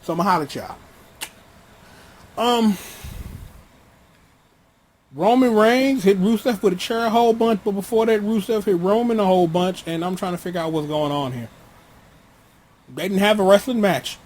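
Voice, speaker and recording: A man with a high, husky voice rants casually and bluntly, full of slang and swagger. He talks in an animated, opinionated way, like a vlogger riffing to his viewers. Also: normal speed, long pauses. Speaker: wrestling commentator vlogger.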